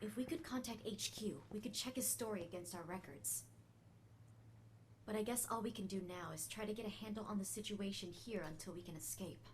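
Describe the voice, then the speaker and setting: A woman playing a calm female agent. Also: mid-range voice, a little fast, a little hiss or hum, close to an everyday voice, poor audio.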